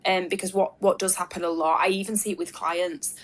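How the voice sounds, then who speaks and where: A woman with a fairly low voice gives advice as an interview guest on a webinar. She thinks out loud, leaning on "like" and "um" and restarting her sentences as she goes. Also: level tone, brisk. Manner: thinks aloud with frequent fillers and restarts. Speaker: marketing expert guest. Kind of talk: casual interview answers. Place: video call webinar.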